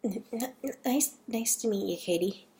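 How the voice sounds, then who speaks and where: A woman's voice: on the high side, a little slow, dark tone. A woman voicing a timid young scout girl who stammers. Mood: shy.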